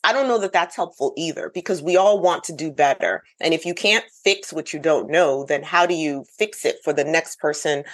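Low-voiced woman author, earnest. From United States. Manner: thoughtful, earnest, laughs easily. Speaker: author guest. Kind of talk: casual interview conversation.

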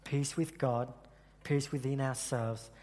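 A man's voice: mid-range voice, fairly even intonation, darkish tone. A man giving an earnest sermon at church, telling a personal story and often restarting his sentences. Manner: earnest, halting with repeated restarts. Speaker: church speaker. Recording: echoey hall with long reverb.

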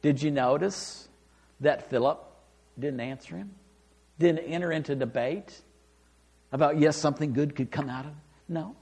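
A man preaching a sermon, reading scripture aloud and explaining it with emphatic, animated delivery. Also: fairly high pitch, normal speed, vocal fry, pauses often, husky. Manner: animated, rising and falling for emphasis, acts out quoted lines.

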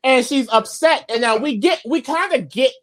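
A woman's voice: high voice, moderate pace. A woman co-hosting a casual recap chat, telling the story with gossip, swearing and acted-out quotes. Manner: animated storytelling, acts out quotes; profane, gossipy. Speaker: podcast co-host.

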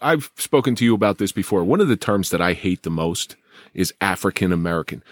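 Blunt deep-voiced podcast host. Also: male voice, expressive, brisk, no room sound. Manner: blunt, opinionated and emphatic. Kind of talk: conversational podcast talk.

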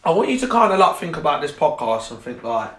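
A man's voice: a little high, very animated, quick pace, fairly bright tone, slight background noise. A young man, a coach, talking casually and bluntly on a podcast, swearing and joking at his own lines. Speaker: fitness and confidence coach. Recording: echoey room.

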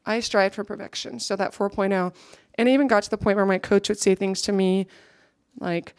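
A woman's voice: mid-range voice, steady tone, fairly quick, clean tone, dry recording, studio quality. A young woman giving an earnest, reflective personal testimony to a gathering, now and then checking her notes.

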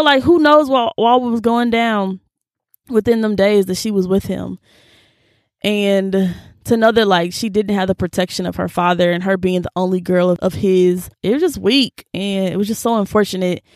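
A young woman reflects on faith in an earnest, casual way, and her voice gets animated when she acts out what people said. She sits in a small room with a dry sound that has hardly any echo. Her pitch sits in the middle. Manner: earnest and animated, slips into quoted voices, Southern-leaning casual speech. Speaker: faith vlogger. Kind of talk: personal Bible reflection, casual talk.

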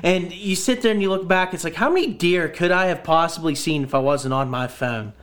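Man, podcast host, fairly high voice, talks in loops and restarts. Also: a little fast, fairly bright tone. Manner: rambling, repeats words as he restarts. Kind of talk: casual chat.

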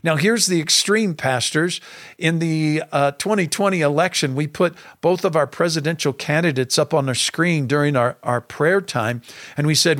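Middle-aged male pastor, slightly high voice, earnest and emphatic, podcast talk, dry close mic. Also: moderate pace, a bit bright, no echo. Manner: earnest and emphatic, preacher cadence.

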